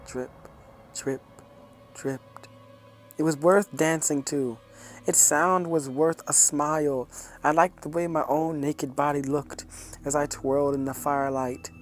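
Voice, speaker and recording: A man narrating a horror story in a calm, measured reading. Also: medium pitch.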